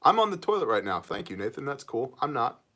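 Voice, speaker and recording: Animated man hosting a live chat. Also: medium pitch. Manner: joking, quick greetings to viewers, animated. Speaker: livestream host reading viewer comments.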